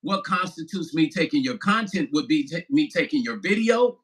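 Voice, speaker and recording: Man in his fifties, livestream vlogger, bright tone, slightly high voice, loose and laughing, profane. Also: sing-song, moderate pace, husky, poor audio. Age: 50s. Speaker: musician vlogger. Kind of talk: casual livestream chat.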